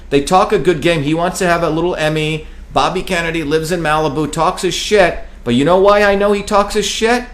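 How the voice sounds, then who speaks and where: A man from New Jersey speaking in a heated, emphatic political talk, swearing freely and hammering on repeated phrases. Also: on the high side.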